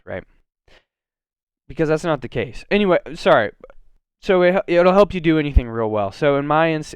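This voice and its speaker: A man's voice: medium pitch, smooth, no echo. A man from Oregon talking casually on his solo podcast, rambling with lots of fillers, restarts and self-corrections. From Oregon, USA. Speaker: podcast host.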